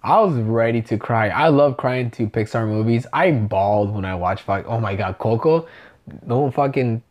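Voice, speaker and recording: A man's voice: medium pitch, moderate pace, darkish tone. A drunk man rambling and swearing through a casual chat, calling his partner dude and bro.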